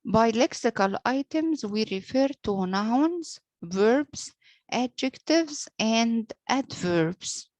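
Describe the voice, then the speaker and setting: Woman teacher, Arabic first language, very slow lecture with many pauses and fillers, dry sound. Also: fairly high pitch, expressive, darkish tone, no room sound. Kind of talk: lecture on poetic meter.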